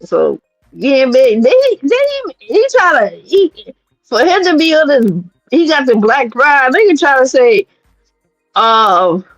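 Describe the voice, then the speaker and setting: A woman from New York City hosting a livestream, talking in a blunt, profane and animated way as she gives her commentary. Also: high-pitched, takes it slowly, no echo, lo-fi sound, soft background music. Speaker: streamer host.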